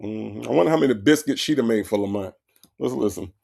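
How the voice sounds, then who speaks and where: A man hosting a casual comedic commentary, animated and talking back to his chat. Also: mid-range voice, quick pace, vocal fry. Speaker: commentary host.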